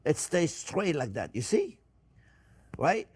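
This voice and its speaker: A talkative man walks viewers through a recipe in his kitchen, calling them friends and going over each step twice. His voice sits a little high for a man and swings lively up and down as he explains. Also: slow, breathy edge. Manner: chatty, addresses viewers as friends, repeats himself. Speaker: cooking show host. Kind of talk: home cooking demonstration.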